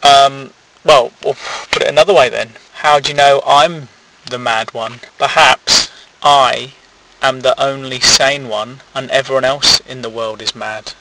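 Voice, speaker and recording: A man's voice: mid-range voice, fairly even intonation, unhurried, recorded from a distance, background noise. A man giving a rambling, silly comic monologue. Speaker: comedy podcast host.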